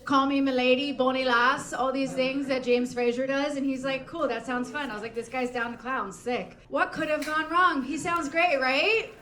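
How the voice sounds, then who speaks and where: A woman's voice: high voice, fairly even intonation, moderate pace, few pauses. A young woman telling a comic dating story on stage, chatty and always checking in with the crowd with "okay?" and "right?". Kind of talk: live comedic storytelling. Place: live show venue with an audience. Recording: echoey room with a loud crowd.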